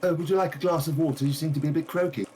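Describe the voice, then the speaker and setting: A nosy, gushing village shopkeeper woman, as a man puts her on in a tabletop game. She chatters and repeats her words in a high, fluttering voice. A faint ambient hum sits behind. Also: fairly even intonation, very fast, dark tone, natural voice, rough recording. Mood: prying.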